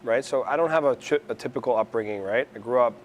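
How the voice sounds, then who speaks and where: A man's voice: mid-range voice, fast, dull audio, slight background noise. Man from New York City, casual interview tone, rambling delivery, faint ambience behind. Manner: rambling, restarts often, animated storyteller. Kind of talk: conversational interview.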